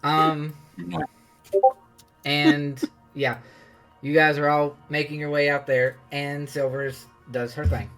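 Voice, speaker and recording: A man's voice: on the high side, little pitch movement, slow, long pauses, a bit bright, faint music behind. A man narrating as game master of a tabletop game, rambling with many fillers and laughs.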